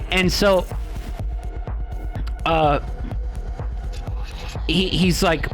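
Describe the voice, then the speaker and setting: A man's voice: a little high, takes it slowly, pauses often, faint music behind. A young man casually recapping a movie on a livestream, rambling and swearing offhandedly.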